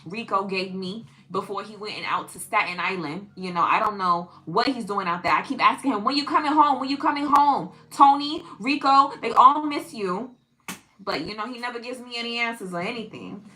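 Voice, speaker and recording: A woman's voice: mid-range voice, fairly quick, pushed and bright, close to an everyday voice. A woman voicing a brash young mafia girl with a put-on New York Italian-American accent, talking in a swaggering, chatty way.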